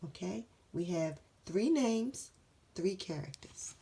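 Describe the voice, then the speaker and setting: A woman reading a children's story aloud, slow and animated, pausing to ask the listener questions. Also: lowish voice, creaky, noisy background. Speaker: storybook reader.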